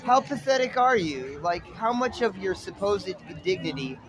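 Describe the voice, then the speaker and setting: High-voiced man rambling outdoors. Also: big pitch swings, moderate pace. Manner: dramatic, stream-of-consciousness, poetic turns. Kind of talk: rambling spoken-word monologue. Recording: street noise with traffic.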